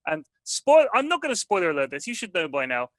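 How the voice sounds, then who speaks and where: A man chatting as a podcast guest, telling stories quickly and animatedly. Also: high voice, sing-song, no echo. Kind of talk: casual podcast chat.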